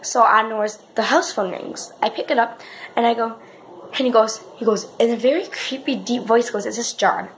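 A woman's voice: on the high side, moderate pace, slight background noise. A woman talking in a casual vlog, chatty and rambling, calling out to her viewers again and again. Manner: chatty, says "guys" constantly, rambling with restarts. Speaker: vlogger.

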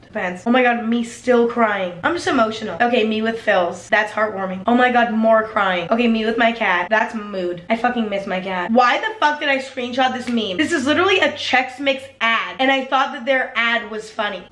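A woman's voice: a little high, normal speed, hardly any pauses, fairly bright tone. Sarcastic young woman vlogging in an echoey room. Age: young adult. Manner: sarcastic, self-deprecating, swears a lot. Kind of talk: casual vlog commentary.

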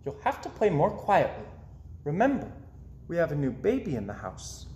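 A man voicing a kindly mother who speaks gently to her young son in a read-aloud storybook. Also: on the high side, huge pitch swings, normal speed, slight background noise. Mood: gentle.

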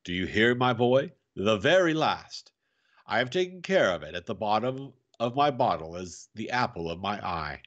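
Man voicing an obstinate elderly professor: animated swings, gentle then menacing. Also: fairly low pitch, normal speed, highs cut off. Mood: tender. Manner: tender then harsh and menacing. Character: old male professor, stubborn, fiercely determined. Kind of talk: reading a novel aloud.

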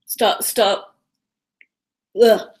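Nervous chatty woman in her fifties. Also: darkish tone. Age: 50s. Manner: nervous, rapid, chatty with many ums. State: slightly out of breath. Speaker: vlogger. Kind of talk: casual live-stream haul chat. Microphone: webcam.

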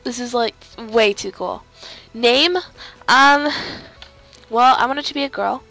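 A woman with a slightly high voice chatters through a casual gameplay session, bubbly and easily thrilled. She giggles often and reads the on-screen prompts aloud. Soft game music plays faintly underneath. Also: a little slow, vocal fry. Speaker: let's play gamer.

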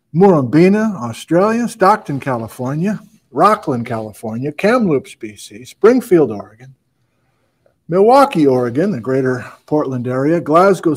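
A man's voice: a little high, darkish tone. A man hosting a casual livestream, upbeat as he greets viewers and reads out where they are watching from. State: out of breath. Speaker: host.

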